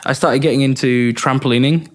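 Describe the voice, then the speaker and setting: Young English producer guest, loose chatty delivery, lots of ums and laughs, middle-range voice. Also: male voice, medium pitch, brisk. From England. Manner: relaxed, rambling, frequent fillers and laughs. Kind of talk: casual interview.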